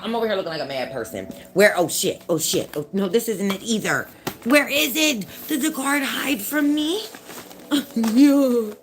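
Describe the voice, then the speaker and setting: A woman tarot reader hosting a casual live stream, loud, profane and teasing, laughing as she talks to viewers. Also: mid-range voice.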